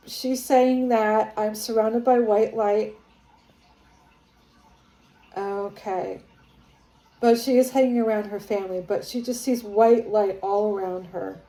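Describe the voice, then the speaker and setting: A woman psychic medium talking casually on her home vlog, rambling with many fillers and growing excited as she channels spirits. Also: a little high, echoey room, low-quality recording. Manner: grows excited and awed while channeling. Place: her home, near living room and kitchen.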